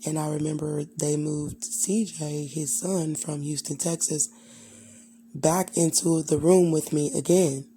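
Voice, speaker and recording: A woman's voice: low-pitched, steady tone, unhurried, warm tone, slightly rough. A young adult woman candidly telling a personal childhood story, rambling and full of fillers. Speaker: vlogger.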